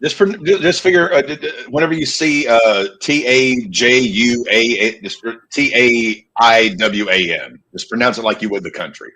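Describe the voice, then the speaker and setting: Husky man calling plays on a podcast. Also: mid-range voice, normal speed, hardly any pauses, bright, forceful tone, rough recording. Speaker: podcast co-host. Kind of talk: casual sports chat with play-by-play calls.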